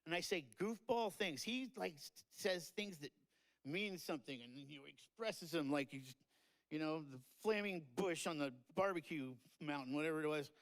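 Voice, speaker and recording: A man's voice: on the high side, normal speed, a bit bright, low-quality recording. Man rambling through a heartfelt eulogy. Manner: rambling, tearful and joking, with many fillers. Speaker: eulogy speaker. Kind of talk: memorial tribute speech. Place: live-streamed memorial event.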